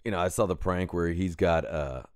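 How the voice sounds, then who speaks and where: A man co-hosting a podcast, telling a story in casual, profane chat and shouting as he acts out the scenes. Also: deep voice, moderate pace, no echo, clean studio sound. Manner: animated, profane, shouts when acting out scenes. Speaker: podcast co-host.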